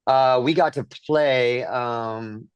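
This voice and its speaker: A man's voice: mid-range voice, slow pace, clear, resonant tone, no room sound, lo-fi sound. Rambling man, dry close sound. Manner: rambling, many restarts and fillers. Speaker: guest musician. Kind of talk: casual interview chat.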